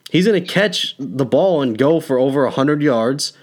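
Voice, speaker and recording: A young man co-hosting a sports podcast in a loose, conversational way. He's opinionated and laughs easily, with a voice that sits in a mid-range pitch. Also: animated, normal speed. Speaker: podcast co-host. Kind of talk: casual sports chat.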